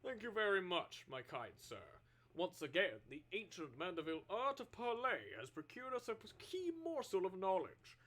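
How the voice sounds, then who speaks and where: A man voicing a pompous gentleman inspector who speaks in a grand, formal way. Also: sits high, sing-song, moderate pace, voice pushed up.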